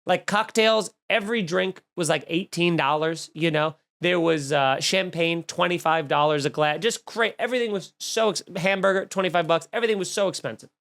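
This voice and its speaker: Brisk and barely pausing, this comedy podcast host tells a wild tale in a slightly high voice, full of swearing. He animates the characters by acting out their quotes, turning the whole thing into a comic rant.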